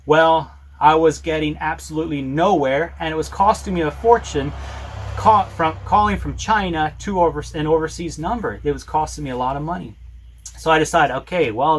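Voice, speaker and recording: A man with a fairly high voice tells a personal story in a casual, animated way. He slips into the other people's lines as he goes and often restarts his words. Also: a little hiss or hum. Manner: animated retelling with acted-out dialogue and frequent restarts. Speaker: storyteller recounting a travel ordeal.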